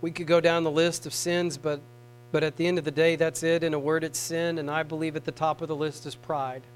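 A man with a high voice preaching a sermon. He drops to hushed, tender tones, then rises to raised, pleading appeals. A faint mains hum runs under the recording. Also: flat delivery, a little fast, poor audio.

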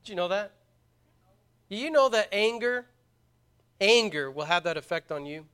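High bright-voiced pastor preaching. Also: male voice, animated, moderate pace, clear, resonant tone. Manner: earnest, emphatic, repeats words when stressing points. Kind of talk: sermon.

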